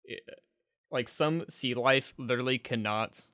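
A man's voice: mid-range voice, a little slow, sharp tone, no echo. A young man co-hosting a podcast, joking in a dry, matter-of-fact way. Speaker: podcast co-host. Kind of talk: casual chat.

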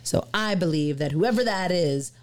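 A woman's voice: lowish voice, expressive, moderate pace. Upbeat slangy woman podcast co-host. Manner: upbeat and slangy, says "hell yeah, baby". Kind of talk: casual chat.

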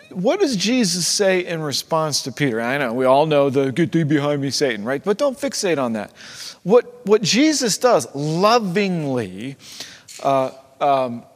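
Pastor guy preaching, chatty and lively, lots of ups and downs in his voice, big echoey church hall. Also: on the high side, unhurried. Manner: conversational, animated preaching with acted-out quotes. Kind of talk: sermon. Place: church sanctuary. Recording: long reverb of a church hall.

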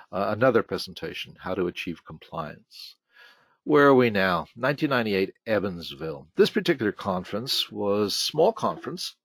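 A man's voice: lowish voice, a bit bright, dry recording. A middle-aged man hosting a casual monologue series. He reads old conference topic titles aloud and adds wry, emphatic commentary on each. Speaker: host of a retrospective series.

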